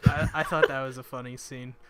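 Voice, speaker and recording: A man's voice: mid-range voice, steady tone, a little fast, fairly bright tone. A man who is a guest on a podcast, chatting casually and curiously asking questions. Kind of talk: casual chat.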